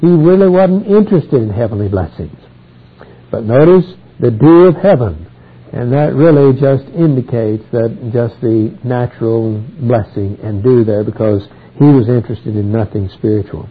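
A man with a husky voice teaching through a Bible passage verse by verse, reading each verse aloud and then explaining it. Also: medium pitch, moderate pace. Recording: tinny phone-like old recording.

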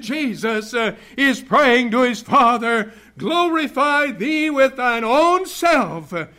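A man preaching a sermon, reading scripture in old-fashioned wording and rising from quiet passages to fervent shouting. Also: extremely high pitch. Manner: King James scripture reading, builds to shouting.

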